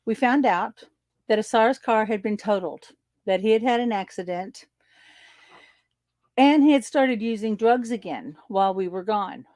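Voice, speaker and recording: A woman teacher telling a personal story in an animated way, acting out the exchanges and laughing often. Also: medium pitch, dry recording. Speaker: spiritual teacher. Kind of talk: storytelling monologue.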